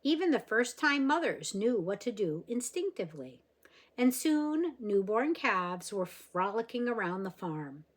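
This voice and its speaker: A woman reading a children's novel aloud, expressive and gentle, with small slips here and there. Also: medium pitch, measured pace, slightly rough. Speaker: reader.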